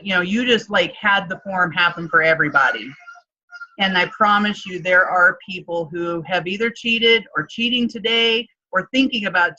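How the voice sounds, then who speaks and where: A woman coach telling a personal story in a casual interview, animated and chatty, often acting out what others said. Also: lowish voice, muffled recording. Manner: animated, acts out quoted dialogue, frequent "like". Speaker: guest, transformation coach.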